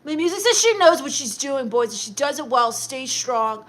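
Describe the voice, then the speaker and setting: A high-pitched young woman reads her chat on a livestream. She answers viewers with sassy, snappy comebacks. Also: animated, normal speed, a bit bright. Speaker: live streamer. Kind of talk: in-character comedy livestream reading chat.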